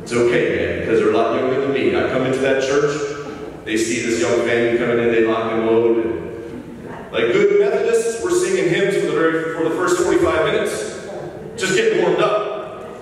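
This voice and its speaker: A man's voice: mid-range voice, moderate pace, slight background noise. A man preaching a conversational sermon as pastor, folksy and self-deprecating, in a church sanctuary. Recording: echoey church hall from far off.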